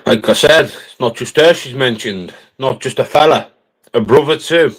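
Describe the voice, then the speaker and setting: A man's voice: medium pitch, normal speed, husky, poor audio. A man with a Cumbrian accent hosting a livestream, ranting confrontationally and ending phrases with a challenging "right?". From northern England. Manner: confrontational, repeats "right?" constantly. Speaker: livestream host. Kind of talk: heated livestream rant.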